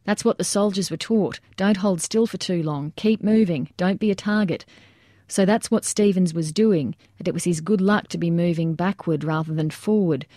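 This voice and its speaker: Mellow-voiced woman narrating an audiobook. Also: fairly low pitch, no echo, studio quality.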